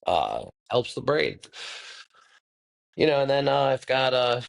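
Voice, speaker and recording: A man's voice: medium pitch, very animated, a little slow, gravelly. A man in his thirties hosting a podcast, talking in a rambling, laid-back way, reflective and full of profanity. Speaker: podcast host. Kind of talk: casual monologue.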